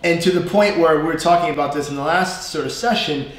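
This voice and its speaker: A man with a North Jersey and New York accent, co-hosting a casual live English lesson, chatty and quick to laugh. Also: on the high side, very echoey. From US East Coast, North Jersey/New York area. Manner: chatty, laughs often, stretches vowels to demonstrate.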